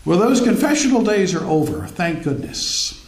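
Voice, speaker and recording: A man who is a minister, delivering a wry, storytelling sermon while he has a cold. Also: moderate pace. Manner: wry, storytelling, lively pitch. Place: church hall. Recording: echoey church hall.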